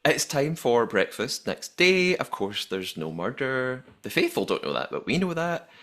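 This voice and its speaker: A man's voice: medium pitch, big pitch swings, moderate pace, fairly bright tone. Chatty male podcast host. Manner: chatty, reads out listener messages. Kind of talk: casual recap chat.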